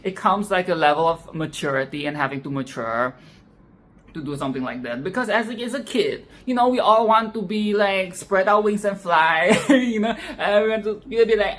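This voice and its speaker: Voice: medium pitch, lively intonation, moderate pace, a bit bright, a little hiss or hum. A film commentator in a casual monologue, sassy and profane, rambling with restarts and often asking "okay?". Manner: sassy, profane, tags "okay?" onto lines; rambling with frequent restarts and laughs.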